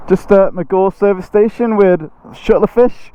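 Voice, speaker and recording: A man's voice: on the high side, measured pace, warm tone, no echo. A man vlogging casually on a motorcycle trip, rambling and joking with lots of fillers, recorded outdoors on a helmet camera mic. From England. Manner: rambling and jokey, with many fillers. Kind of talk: casual vlog chat. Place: outdoors at a motorway service station, then riding a motorbike. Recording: dull lo-fi sound with clear road noise.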